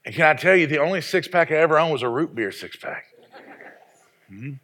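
A man's voice: on the high side, lively intonation, fairly quick, a bit bright. A man in his forties from the American South, a pastor preaching a sermon in a folksy, self-deprecating storytelling way. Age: 40s.

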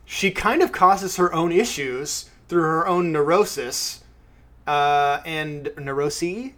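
A man's voice: a little high, slow, a bit bright. A man in casual conversation about a film, chatty, laughing easily and questioning his co-host. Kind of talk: casual film review chat.

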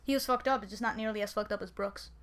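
A woman's voice: mid-range voice, fairly even intonation, fast talker, fairly bright tone. A woman co-hosting a podcast who retells a crime story in loose, profane casual chat and often trails off. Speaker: podcast co-host.

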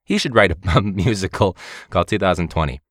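A man's voice: deep voice, lively intonation, fast, fairly bright tone, dry recording, studio quality. A man, a teacher, hosting a casual comedic monologue, rambling and joking and swearing often. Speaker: teacher and podcast host.

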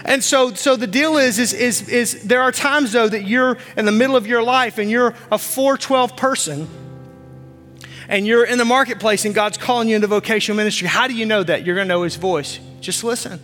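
Pastor, man in his 40s, very high bright voice, fervent repetitive preaching, reverberant church, faint music under. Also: brisk. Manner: impassioned preaching, repeats phrases. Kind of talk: sermon. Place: church stage.

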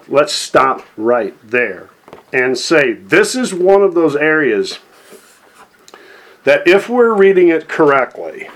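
A middle-aged man preaching on Bible prophecy in a folksy way, often checking in with "okay?" and "amen". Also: mid-range voice.

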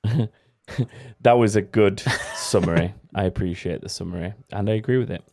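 A man hosting a podcast in casual chat, relaxed and rambling with fillers. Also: lowish voice, moderate pace, gravelly, noisy background. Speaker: podcast host.

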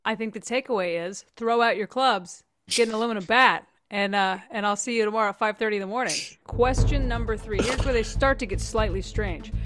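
A woman hosting a casual comedy podcast, quick and joking, who swears freely while asking quiz questions. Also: medium pitch, a bit bright, faint music behind. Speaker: podcast host.

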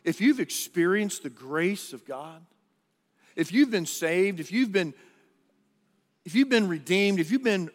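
A man's voice: high voice, expressive, measured pace, pauses often, in a large hall. A man preaching a sermon as pastor, earnest and conversational, often repeating and restarting his words.

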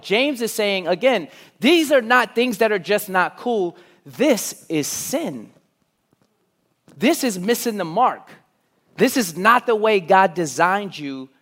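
A man with a notably high voice delivers a sermon in an auditorium. He dips into soft, almost whispered phrases, then climbs into loud, insistent bursts of emphasis. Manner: swings from hushed, near-whispered lines to loud, emphatic rising runs. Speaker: pastor.

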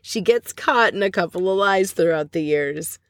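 A woman's voice: on the low side, normal speed, no room sound, clean studio sound. A woman hosting a podcast, chatting casually as she recaps scenes and adds opinionated asides. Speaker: podcast host recapping a reality show.

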